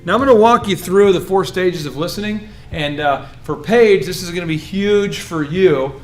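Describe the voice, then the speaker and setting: A man coaching a room of business owners, animated and joking, often acting out the voices of people he describes. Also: high voice, normal speed, faint music behind. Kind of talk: coaching workshop talk.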